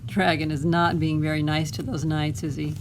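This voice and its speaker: A woman librarian reading a picture book aloud to children, gently stopping to ask them questions. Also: low-pitched, level tone, moderate pace, background noise.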